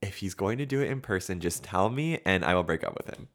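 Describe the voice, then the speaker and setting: A man's voice: deep voice, quick pace. A young man co-hosting a podcast, telling a story with plenty of laughter. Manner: animated, laughs often while telling a story. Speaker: podcast co-host. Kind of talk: casual chat, storytelling.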